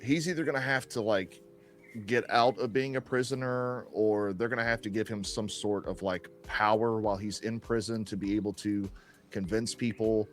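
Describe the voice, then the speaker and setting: Low-voiced joking man. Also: steady tone, moderate pace. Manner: loose and joking, swears, recaps plot with restarts. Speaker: podcast co-host. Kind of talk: casual podcast chat.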